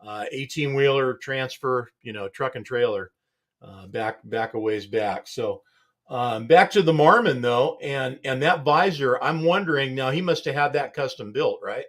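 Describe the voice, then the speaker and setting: A man's voice: medium pitch, moderate pace, a bit bright. A man hosting a casual studio chat show, talking in a rambling, laid-back way and chuckling often. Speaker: show host.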